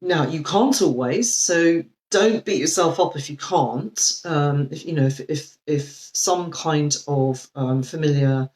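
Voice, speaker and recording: A woman coach giving a live video talk, speaking gently and reflectively with frequent ums and restarts. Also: low voice, slow pace, few pauses, rough recording. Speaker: life coach.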